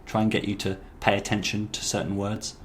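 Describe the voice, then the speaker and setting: A man's voice: fairly low pitch, completely flat delivery, a little fast, a little hiss or hum. A man giving casual review commentary as a language-learning YouTuber, chatty, repeating lines aloud with many fillers.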